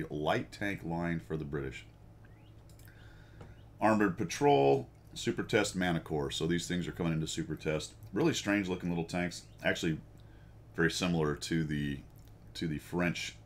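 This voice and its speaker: Low-voiced rambling American man. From United States. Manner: rambling, self-deprecating, laughs often. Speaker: host. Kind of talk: casual chat with viewers.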